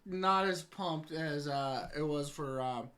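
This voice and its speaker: A man co-hosting a casual chat show, speaking haltingly and dropping dry quips. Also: on the high side, a bit bright. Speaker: podcast co-host.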